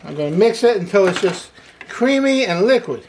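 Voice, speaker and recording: An upbeat cooking show host gives a casual demonstration, frequently opening with "hey," repeating praise such as "wonderful," and laughing at their own jokes. The medium-pitched voice is animated and moderately paced, with slight background noise.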